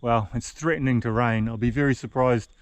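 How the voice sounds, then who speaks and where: An older man, chatting casually as he films his solo hike on an action camera, relaxed and rambling with many fillers. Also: medium pitch, brisk, clear, resonant tone. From New Zealand. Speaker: solo hiker vlogger. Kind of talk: casual outdoor vlog narration. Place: backcountry hut and deck outdoors.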